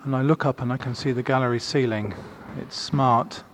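A man's voice: medium pitch, steady tone, normal speed, a little hiss or hum. A man, an art critic and host, narrating a walking tour and describing his surroundings step by step, slightly out of breath. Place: indoor gallery corridor.

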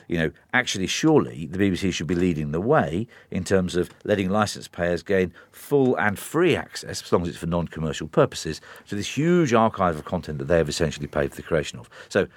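Casting: deep-voiced male pundit who talks fast and pushes his point with many restarts. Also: sing-song, no room sound. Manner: forceful, interrupts, talks in bursts with many restarts. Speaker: media commentator. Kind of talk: studio discussion.

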